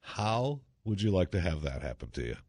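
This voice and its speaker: A man's voice: low-pitched, big pitch swings, moderate pace, darkish tone, no echo. A man hosting a casual talk monologue, chatty and sarcastic, full of exclamations and asides. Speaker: talk show host.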